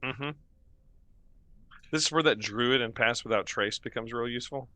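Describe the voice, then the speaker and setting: A man narrating as game master of a tabletop game, slow and hesitant with many fillers. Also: medium pitch, pushed and bright, no echo.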